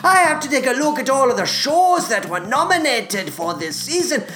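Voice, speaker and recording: A crude, gleeful male ogre, played by a woman, growls out his bawdy jokes in a gravelly brogue. He cackles and curses freely. His pitch leaps and dips wildly from line to line. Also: sing-song, normal speed, fairly bright tone. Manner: lewd, gleeful, cursing, cackling.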